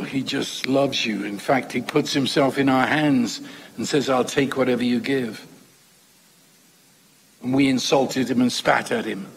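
A man's voice: mid-range voice, vocal fry, breathy edge. A man preaching a sermon in a conversational, emphatic way, with rhetorical questions to the congregation. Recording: long hall reverb.

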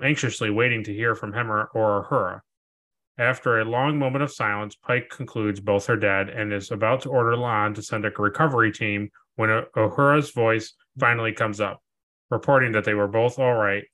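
Animated, bright-voiced male podcast host. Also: lowish voice. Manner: animated, jokey, acts out scenes. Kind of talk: casual chat and episode recap.

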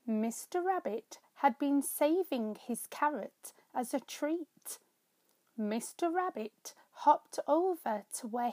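A woman reading her own children's story aloud, slow, gentle and clear. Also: high-pitched, animated, dry recording. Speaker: storyteller and author.

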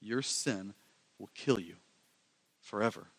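A male pastor preaching a sermon, animated and quick, swinging from loud emphasis to hushed lines. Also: lowish voice, breathy edge.

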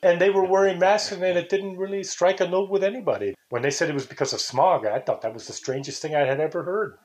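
An older man rants indignantly as a talk-show host, his voice sitting a little higher than most men's. He wanders from point to point and sometimes mimics how other people talk. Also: fast, a little mellow. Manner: rambling, indignant, mimics intonations. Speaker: podcast host. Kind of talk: casual talk show monologue.

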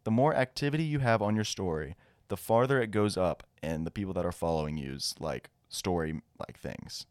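A young man co-hosting a casual podcast, rambling and relaxed. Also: deep voice, moderate pace, no echo, clean studio sound. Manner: rambling, relaxed, laughs often. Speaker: podcast co-host.

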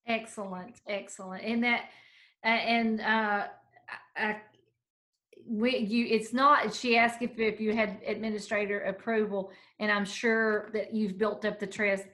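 A woman's voice: medium pitch, a bit bright. A woman co-hosting a podcast in a casual chat, effusive and encouraging, often restarting her sentences. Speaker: podcast co-host.

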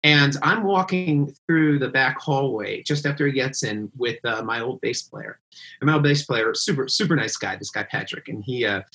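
A man's voice: medium pitch, normal speed, low-quality recording. A man in his forties, a musician guest, telling road stories in a casual interview and acting out the people he quotes. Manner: animated, acts out quotes in raised voices.

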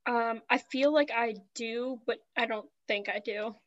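A young woman with a fairly high voice co-hosts a casual podcast, playfully teasing her friend. Her voice comes through a slightly dull, lo-fi recording. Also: a little slow, fairly bright tone, dry recording. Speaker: podcast co-host. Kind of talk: casual chat. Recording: muffled lo-fi podcast audio.

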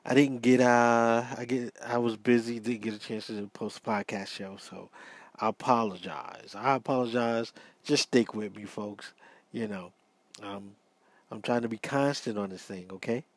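A sleepy American man hosts a casual solo podcast, chatting in loose, repeating phrases and calling out to y'all. His voice sits at an ordinary middle pitch, and the recording is close and dry with no room around it. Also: fairly even intonation, moderate pace, dry recording. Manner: chatty, repetitive, addresses listeners as y'all. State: sleepy, yawning. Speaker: podcast host. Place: small home studio.

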